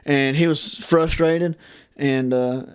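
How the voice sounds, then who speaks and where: A woman guest in casual podcast chat, telling animated, profane stories and laughing often. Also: low-pitched, takes it slowly, clean tone.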